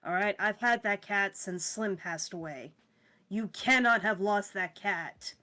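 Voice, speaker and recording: A woman voicing a menacing cat owner who threatens the caretaker in a lowered voice. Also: unhurried, pushed and bright. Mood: threatening.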